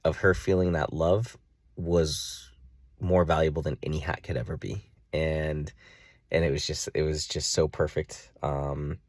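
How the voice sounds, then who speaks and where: A man telling a long personal story in a casual vlog, rambling with many fillers and jumping into a high, excited voice when he acts out his own reactions. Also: no echo, clean studio sound. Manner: jumps to a high excited pitch when reenacting himself. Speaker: vlogger.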